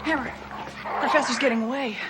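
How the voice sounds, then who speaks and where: An actress playing a level-headed police detective with a calm, firm and persistent manner. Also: female voice, high-pitched, brisk, over loud music, lightly acted. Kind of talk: 1980s TV sitcom acting.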